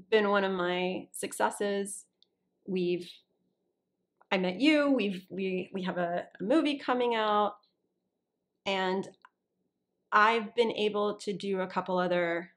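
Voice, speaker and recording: A woman's voice: mid-range voice, takes it slowly, long pauses. A woman who works as an actor and voiceover artist, chatting as a guest in an interview, often restarting sentences and checking that the listener follows. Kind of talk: casual interview talk.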